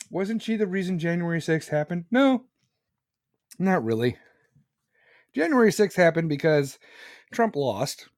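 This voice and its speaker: Male podcast host, profane political ranter, angry and mocking, slightly high voice, dry close mic. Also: a little mellow, no echo. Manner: angry, crude, swings into mocking laughter.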